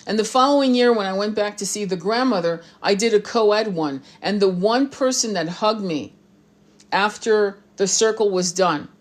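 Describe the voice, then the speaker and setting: A woman's voice: medium pitch, normal speed. A woman tarot reader speaking off the cuff to camera, blunt and emphatic, swearing often and restarting her sentences. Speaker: tarot reader and spiritual commentator. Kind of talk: unscripted rant to camera.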